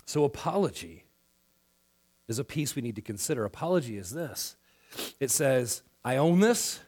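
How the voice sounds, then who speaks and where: A man preaching a sermon in a church, acting out quoted dialogue and swinging between loud passages and hushed ones. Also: mid-range voice, lively intonation, normal speed, husky. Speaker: pastor.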